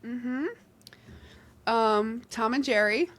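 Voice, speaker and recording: A woman's voice: on the high side, fairly even intonation, extremely slow. A young woman from New Jersey with a noticeable New Jersey accent, chatting as a podcast co-host. She is talkative and giggly, and she slips into little performances whenever she quotes someone. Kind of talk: casual chat.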